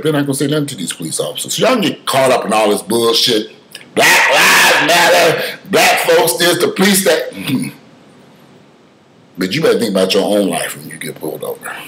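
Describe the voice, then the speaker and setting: A man with a somewhat low voice talking casually, mixing stories with opinion. He gets animated and emphatic, swings from loud bursts to low mutters, and curses freely along the way. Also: a little hiss or hum, low-quality recording. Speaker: commentator. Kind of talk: casual spoken commentary with storytelling.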